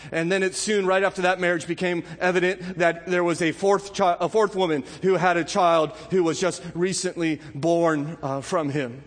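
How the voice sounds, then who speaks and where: A middle-aged man preaching a sermon as pastor, earnest, with his voice dropping low and slow and then rising high and impassioned. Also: fairly even intonation, big-room sound.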